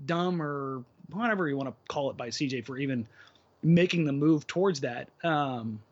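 A man's voice: on the high side, moderate pace. Man rambling on a muffled podcast. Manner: rambling, restarts a lot, opinionated. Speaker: podcast co-host. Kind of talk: casual basketball podcast chat.

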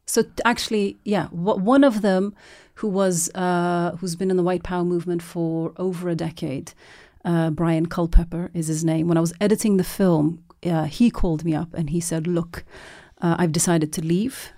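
A documentary filmmaker woman telling her story in an interview, animated and restarting often as she acts out the voices of the people she quotes. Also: on the low side, moderate pace, hardly any pauses.

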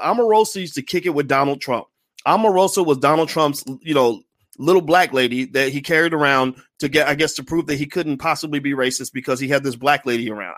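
A man hosts a commentary livestream with a high voice that leaps up and down. He talks emphatically and moves from loud outbursts to low, quieter asides. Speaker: commentary show host.

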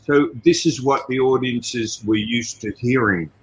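An Australian man being interviewed as a guest, telling stories in an animated, casual way with many "you know" asides. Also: mid-range voice, measured pace, a little hiss or hum, rough recording. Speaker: guest, martial arts trainer and fight coordinator.

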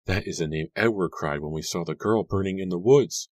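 A frightened young Puritan girl in love, her voice rising into pleading, breathless cries, as a deep-voiced male reader puts her on. The reading is close and dry, with no room sound. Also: fairly quick, a little mellow, dry recording. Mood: distraught.

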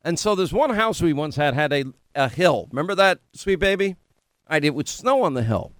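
A man's voice: on the high side, lively intonation, fairly quick, fairly bright tone, no room sound. Middle-aged guy radio host rambling on, restarts a lot, dry sound. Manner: rambling, self-interrupting storyteller. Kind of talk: casual on-air banter.

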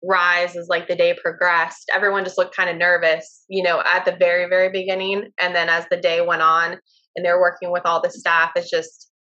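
A woman's voice: fairly low pitch, monotone, normal speed, bright, forceful tone, highs cut off. A woman in casual chat, speaking with enthusiasm.

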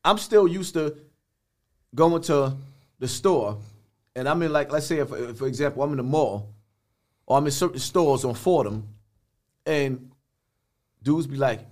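A man's voice: medium pitch, unhurried, pauses often, a little mellow. An older man, a podcast guest talking bluntly in street slang with many restarts. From the Bronx, New York. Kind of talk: podcast interview.

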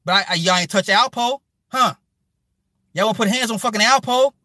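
A man's voice: sits high, fairly quick, pushed and bright, dry recording. A man delivering a heated, profane, rambling rant as a live streamer talking to his chat. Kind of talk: ranting commentary to a live chat.

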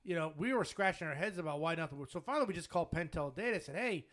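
A man with a slightly high voice who ambles through his sentences, stopping and restarting, with dry jokes along the way. It is relaxed conversation among friends. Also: rapid-fire, slight background noise. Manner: hesitant, restarts often, joking. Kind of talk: casual chat.

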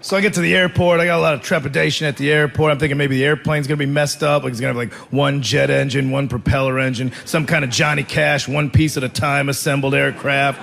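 A man's voice: mid-range voice, fairly even intonation, fast talker, vocal fry, few pauses, a bit bright. A man performing stand-up comedy, telling a rambling, self-mocking story.

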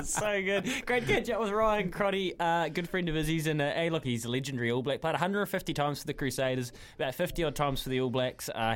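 A man's voice: mid-range voice, clean tone. A man co-hosting a radio show, wrapping up a segment and plugging the podcast in an upbeat way. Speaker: radio co-host. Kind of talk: radio promo read.

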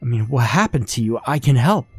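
A man voicing a frightened young male student who talks quickly and stammers in panic. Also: medium pitch, expressive, husky, no echo, faint music behind, pitched above the performer's own voice. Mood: terrified.

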